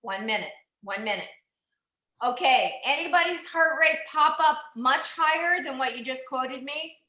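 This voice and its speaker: Cycling instructor, woman: bright, higher voice, encouraging, in a roomy space. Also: a little slow. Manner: upbeat, encouraging, calls out numbers. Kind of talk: coaching an indoor cycling class. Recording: echoey room.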